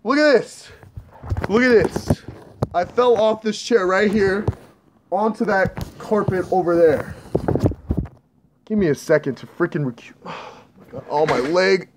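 A man's voice: sits high, measured pace, pauses often, background noise. A young man commenting on a horror game he is playing, jittery and panicky as he talks to his viewers. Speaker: gaming channel host. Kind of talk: scared horror gameplay commentary.

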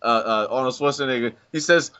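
A man's voice: medium pitch, a little fast, fairly bright tone. A man on a voice call telling rambling stories, full of restarts and fillers, laughing as he goes. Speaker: friend on the call. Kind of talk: casual chat. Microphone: computer mic on a voice call. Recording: dull lo-fi voice chat recording.

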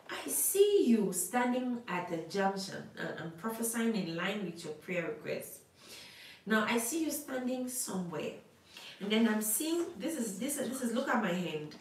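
A woman's voice: medium pitch, a little mellow, very echoey, recorded from a distance, poor audio. A woman preacher giving prophecy in a live prayer session, declaring, repeating phrases and praying over callers.

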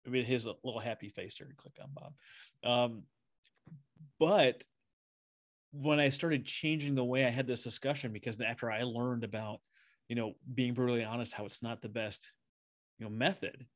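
A man's voice: medium pitch, fairly even intonation, moderate pace, long pauses, dry recording. Easygoing male podcast host, dry sound. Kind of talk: casual interview chat.

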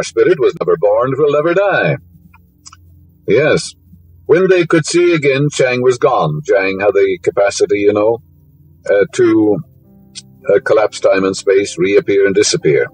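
A man with a lowish voice delivers a spiritual lecture on a rough recording. He rambles and uses plenty of fillers, and his voice rises sharply to emphasize key words.

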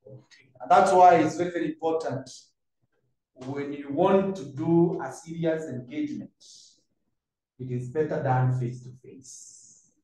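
A man with a Kenyan accent and a slightly high, dark-toned voice leads a class revision lesson at a measured pace. He keeps it conversational, quizzing students and dropping in Swahili phrases. The room echoes, the mic sits far away, and there's faint noise.

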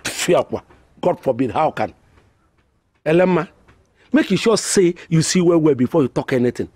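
An actor with a Nigerian accent playing an excitable, scheming middle-aged village father, theatrical and full of exclamations. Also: fairly high pitch, normal speed. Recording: film dialogue.

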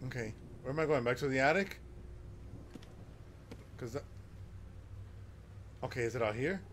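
A man's voice: mid-range voice, expressive, normal speed, a bit bright, slight background noise. A man commentating live on a horror game, talking to his chat and yelping at scares. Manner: jumpy, talks to chat, yelps at scares. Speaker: game streamer.

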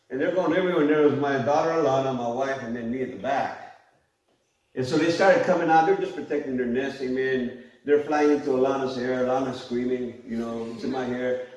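Pastor preaching in an echoey hall. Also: male voice, mid-range voice, a little mellow. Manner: conversational, storytelling with laughter. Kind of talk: sermon. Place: church hall. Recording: echoey church hall, mic at a distance.

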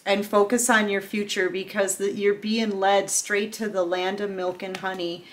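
Woman tarot reader with a middle-pitched voice, heartfelt and chatty, talking straight to viewers. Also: flat delivery, normal speed. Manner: loose and chatty with fillers. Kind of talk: casual collective tarot reading.

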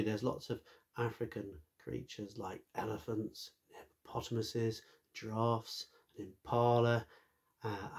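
A man's voice: mid-range voice, mellow, husky. A man, a teacher, reading a children's story aloud with friendly, chatty asides to young listeners.

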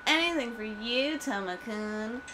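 A woman's voice: on the high side, animated, unhurried, bright, forceful tone, a little hiss or hum, rough recording. A woman voicing a stuck-up young woman with a nasal, drawling Valley Girl voice. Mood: snooty.

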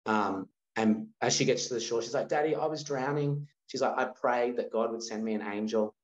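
A man's voice: mid-range voice, moderate pace. A man from Australia in his thirties, a guest telling a personal story in a casual interview, acting out the voices of the people in it. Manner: animated storyteller acting out quoted dialogue. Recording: roomy, slightly dull sound.

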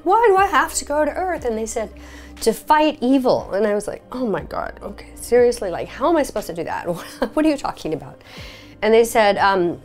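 A woman recounting a personal experience in a conversational, filler-heavy way, her voice leaping up when she relives quoted moments. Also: mid-range voice. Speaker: experiencer sharing her story. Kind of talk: personal testimony.

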